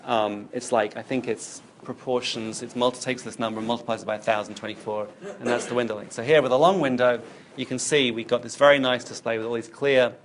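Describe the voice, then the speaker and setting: A man's voice: medium pitch, steady tone, a little fast, slight background noise. A man giving a recorded university lecture, explaining while he demonstrates on screen and thinks aloud.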